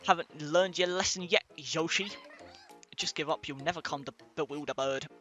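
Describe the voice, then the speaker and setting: A man doing a smug male magician villain, mocking, a bit raised in pitch. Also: moderate pace, music in the background, lightly acted. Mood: taunting. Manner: mocking game text read aloud.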